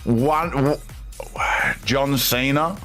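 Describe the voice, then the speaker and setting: A man's voice: medium pitch, very slow, fairly bright tone, faint music behind. A young Australian man streaming live, reading viewer chat aloud and reacting with amused disbelief.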